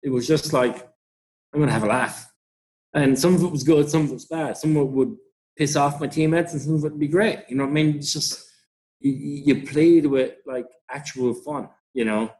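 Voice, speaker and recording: A man's voice: a little high, steady tone, brisk, darkish tone. A middle-aged Irish man telling rambling stories in a casual interview, swearing freely and laughing often. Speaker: interview guest, rugby club founder.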